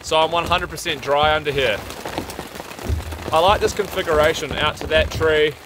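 A man's voice: fairly high pitch, normal speed. A young man vlogging while camping, chatty and upbeat, talking while he eats. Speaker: outdoor vlogger. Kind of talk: casual camping vlog. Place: outdoors at a campsite under a shelter in rain. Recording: heavy rain noise outdoors. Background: steady rain and fire crackle.

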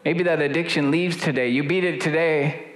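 A middle-aged man preaching a sermon as pastor, rising to loud, high-pitched exhortation and dropping low and slow for storytelling. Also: fairly even intonation. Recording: echoey room with faint noise.

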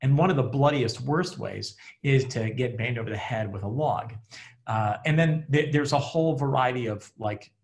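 A man with a gravelly, creaky voice gives a casual online class, chatty and joking and full of fillers. He speaks into a computer mic on a video call from home. His pitch sits in a middle range. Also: moderate pace. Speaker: rabbi and relationship teacher.

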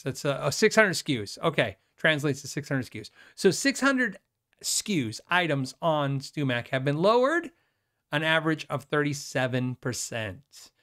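A man hosting a live guitar show, chatting casually and rambling, with fillers and quick self-deprecating laughs. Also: fairly high pitch, fairly bright tone. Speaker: host of a guitar livestream. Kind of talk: casual live chat reading viewer questions.

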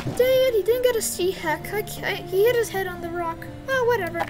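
A woman giving playful, yelling gameplay commentary, laughing and trash-talking as she plays. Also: extremely high pitch, fairly quick. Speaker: gaming video creator.

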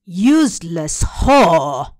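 A woman reads as a passionate middle-aged mother in a storybook, her voice pitched up and pushed loud with intensity. The lines come slow and heavy, in a dry, close recording. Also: creaky, dry recording. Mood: raging. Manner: raging then tearful, intense.

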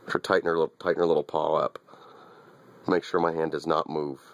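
A man films his little dog and keeps up a wry, teasing running commentary to camera, often repeating himself. He has a bass voice with little pitch movement, talks fast, and the recording is dry.

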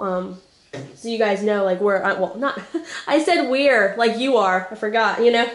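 This clip has a little hiss or hum as a young Oklahoma woman talks to the camera a little slowly, at medium pitch. She's a family vlogger at home indoors, fighting a cold with a hacking cough, and she tells her stories chattily with plenty of fillers.

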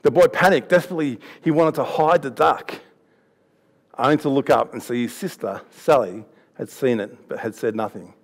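A man's voice: medium pitch, moderate pace. A man giving a youth sermon, chatty, laughing and restarting as he tells stories. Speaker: youth pastor. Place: church hall.

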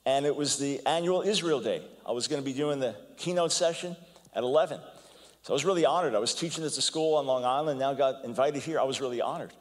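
An older man giving a lecture as a guest speaker, telling stories in an animated way, often repeating words as he goes and acting out quotes. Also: medium pitch, fast. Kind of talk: storytelling lecture. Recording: long hall reverb.

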